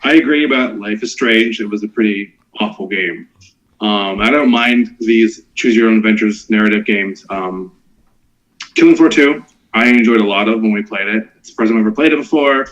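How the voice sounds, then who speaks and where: A man's voice: lowish voice, moderate pace, fairly bright tone. A man giving his picks on a gaming podcast, hesitant and full of ums. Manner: hesitant, filler-heavy. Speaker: podcast panelist. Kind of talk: casual gaming podcast chat. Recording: dull lo-fi recording.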